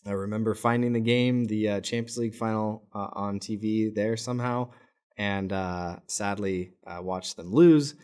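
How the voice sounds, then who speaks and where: Give me a chatty American man hosting a casual vlog, with a fairly low voice. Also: moderate pace, darkish tone, smooth. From United States. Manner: chatty and rambling, many filler words. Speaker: fan channel host.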